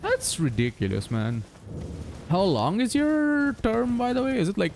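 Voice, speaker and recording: A man's voice: sits high, very animated, measured pace, vocal fry. A man in his twenties chatting casually while speedrunning a game, laughing often and swearing freely. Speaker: streamer. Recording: noisy background.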